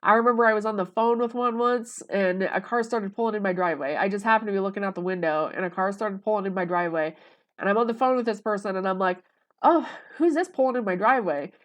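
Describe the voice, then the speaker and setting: A woman's voice: mid-range voice, fast, a bit bright. Woman, casual vlog monologue, rambling, lots of fillers, mid-range voice. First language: English. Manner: rambling and conversational, with many fillers. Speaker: vlogger.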